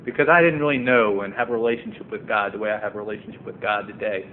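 Lowish guy telling his sobriety story at a meeting, gets fired up, sounds like a phone line. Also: fairly even intonation, fast talker. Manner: earnest, rising to emphatic and impassioned. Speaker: speaker sharing his recovery story at a meeting. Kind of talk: personal testimony talk. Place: meeting room. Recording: tinny phone-like recording, faint noise.

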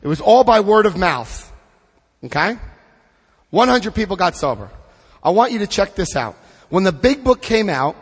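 A middle-aged man leading a recovery group through a book study, speaking with emphatic, drawn-out stresses and asking the room questions. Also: on the high side, husky, big-room sound. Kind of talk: impassioned recovery talk to a group.

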